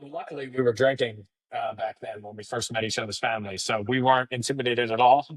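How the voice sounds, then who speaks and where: A man's voice: medium pitch, dry recording. Chatty man telling stories, dry mic. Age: 30s. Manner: chatty, laughs while telling stories, many fillers. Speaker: podcast guest, entrepreneur. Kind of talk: casual storytelling interview.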